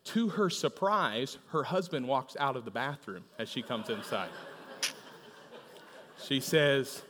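A man's voice: mid-range voice, expressive, unhurried, a bit bright. A man preaching a sermon in a church, talking conversationally, tossing in frequent "right?" asides and telling humorous stories. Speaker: pastor. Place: church auditorium. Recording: long reverb of a large hall.

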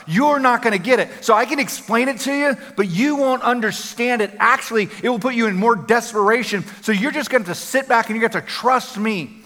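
A man preaching a sermon as a pastor, energetic and conversational, repeating phrases for emphasis. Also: sits high, fairly quick. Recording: long hall reverb.

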